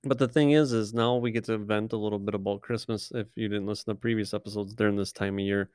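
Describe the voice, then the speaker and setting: A man co-hosting a casual podcast chat, teasing and joking with quick asides. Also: lowish voice, fairly even intonation, a little mellow, clear, resonant tone, no echo, studio quality. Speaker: podcast co-host.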